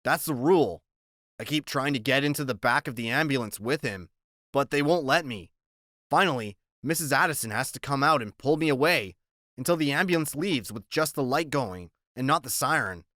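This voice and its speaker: A man's voice: medium pitch, animated, moderate pace, sharp tone, no room sound, studio quality. A man narrating an audiobook in the first person, in a plain, conversational storytelling manner.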